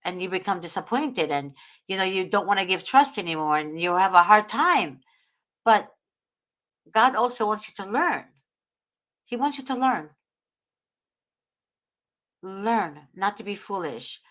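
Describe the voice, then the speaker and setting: A woman's voice: medium pitch, lively intonation, a little slow, long pauses, a bit bright. A woman hosting a talk show, giving earnest, preachy advice and often invoking God. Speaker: host.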